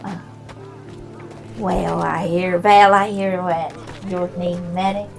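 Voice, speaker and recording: A woman at a tabletop game speaking softly and hesitantly in character. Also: fairly low pitch, little pitch movement, slow, vocal fry, faint music behind, rough recording. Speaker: player.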